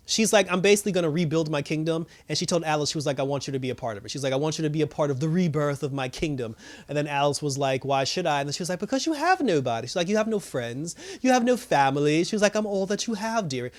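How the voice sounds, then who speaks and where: A man casually recapping a TV episode, animated and full of fillers like "you know". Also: a little high. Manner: animated storytelling, many fillers. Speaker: TV episode reviewer.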